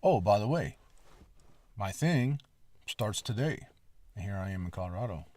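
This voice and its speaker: A man's voice: lowish voice, moderate pace. A man hosting a podcast, telling a long story in a casual, rambling way, with a lot of swearing and emphatic asides. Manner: lively, emphatic retelling. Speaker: podcast host.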